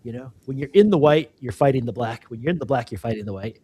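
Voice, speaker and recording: A man's voice: medium pitch, lively intonation, fast, warm tone, slight background noise. A man co-hosting a casual interview podcast, talking in a reflective, rambling way with many restarts and "you know"s. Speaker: podcast co-host.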